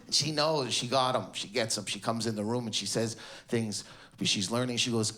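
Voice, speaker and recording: A man from Canada doing a stand-up comedy set, acting out his family members in sudden shouted bursts. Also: medium pitch, expressive, moderate pace. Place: comedy stage before a live audience. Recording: echoey venue with loud crowd laughter.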